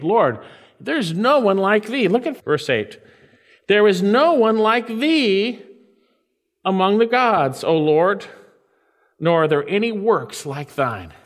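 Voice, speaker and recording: A man preaching a sermon, reading scripture and explaining it earnestly, rising to loud emphatic peaks and dropping to hushed, slowed phrases. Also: fairly high pitch. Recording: long hall reverb.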